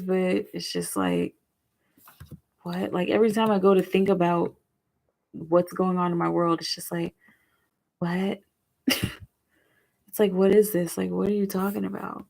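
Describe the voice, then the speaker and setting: Casting: young woman, gravelly, rambling tarot reader on a live stream. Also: mid-range voice. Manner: chatty, rambling, lots of "like"; murmurs softly while shuffling.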